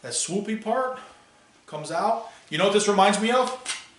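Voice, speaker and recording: A man teaching a classroom math lesson, animated and playful, asking students questions as he works. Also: sits high, moderate pace, a little hiss or hum. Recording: echoey classroom, voice from far off.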